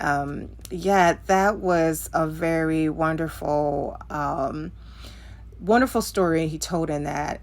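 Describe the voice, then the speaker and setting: A young woman with a low voice talks through a movie review at an unhurried pace. She pauses often and fills the gaps with ums, sometimes starting a word two or three times before it comes out. Her tone is casual and conversational. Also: vocal fry. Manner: hesitant, many ums and restarts.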